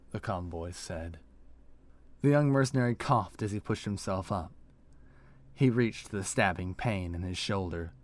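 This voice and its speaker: A man reads a fantasy tale aloud as narrator. His voice is very low and deep, and he tells it in a slow, descriptive storytelling manner.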